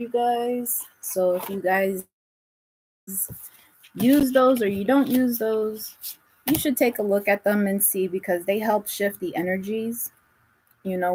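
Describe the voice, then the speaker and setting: A woman's voice: medium pitch, poor audio. A woman giving a casual tarot reading, blunt and full of swearing, and she laughs often. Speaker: tarot reader.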